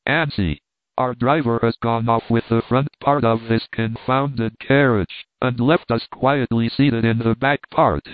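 A man's voice: mid-range voice, fairly even intonation, a little slow, no echo, lightly acted. A man voicing a cheerful, teasing French reporter, heard over a tinny, dry, phone-like recording. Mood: jovial.

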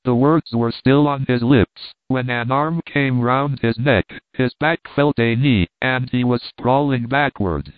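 A man narrating a classic novel aloud in a steady, measured way. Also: medium pitch, no echo. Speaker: audiobook narrator. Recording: tinny phone-like line, dry.

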